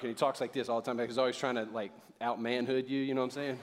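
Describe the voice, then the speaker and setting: A middle-aged man preaching a sermon in church, talking casually and joking, then building up to loud, fervent preaching. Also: mid-range voice, little pitch movement, quick pace. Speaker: pastor.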